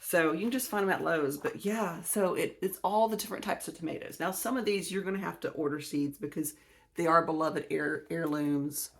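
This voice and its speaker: A gardening channel host in her forties from Alabama talks in a low, brisk voice with vocal fry and a Southern US accent. On her own channel she chats casually in a video, showing her books and rambling, often correcting herself as she goes.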